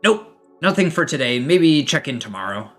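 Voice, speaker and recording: A man's voice: fairly high pitch, sing-song, moderate pace, a bit bright, soft background music. A game master voicing a rude, exasperated male dwarf mail courier, brusque and scornful in manner.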